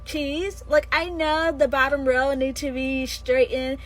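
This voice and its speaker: A woman's voice: sits high, flat delivery, measured pace, rough recording. A woman in a casual vlog, complaining in an irritated, exasperated way.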